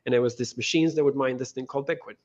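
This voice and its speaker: A man, guest on an interview, telling a story in animated casual talk full of restarts and quoted dialogue. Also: medium pitch, rapid-fire, dull audio. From Venezuela. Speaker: guest, crypto lending co-founder.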